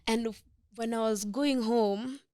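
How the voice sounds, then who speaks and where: A young woman with a Kenyan accent, a guest in an interview, telling a personal story in an emotional, halting way with many restarts. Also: on the high side, steady tone, a little mellow, no echo, studio quality. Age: young adult.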